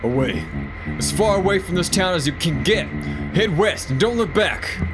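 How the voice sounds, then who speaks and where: A woman's voice: on the low side, big pitch swings, normal speed, pitched above the performer's own voice. A woman voicing a frantic older man who gives stern, urgent commands in a video game playthrough. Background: game music.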